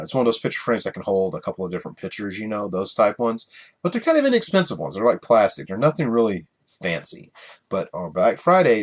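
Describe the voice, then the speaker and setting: A man hosting a casual solo podcast, rambling and chuckling through his stories with many fillers. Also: on the low side. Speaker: podcast host.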